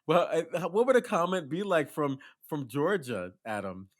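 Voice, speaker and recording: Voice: medium pitch, big pitch swings, normal speed. A young adult co-hosting a podcast in casual chat, giggly and teasing. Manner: giggly, teasing, sing-song. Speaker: podcast co-host.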